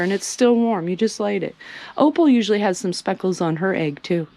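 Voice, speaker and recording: A woman chatting casually as she walks through her homestead showing the animals, sometimes cooing at them in a high sing-song. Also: lively intonation, fairly quick, a little mellow. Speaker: homestead vlogger. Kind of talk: casual walking tour vlog. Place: outdoors on a homestead among animals.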